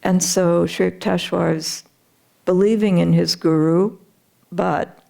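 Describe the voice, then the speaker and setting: Woman, spiritual teacher, relaxed gravelly voice, earnest storytelling. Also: lowish voice, slow pace. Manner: earnest retelling with frequent uh and you know.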